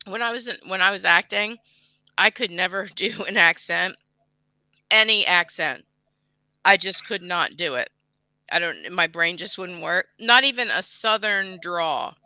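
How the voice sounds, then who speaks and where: A woman's voice: on the low side, unhurried, pushed and bright, clean tone, no echo. A woman in a casual chat, giggly and self-deprecating.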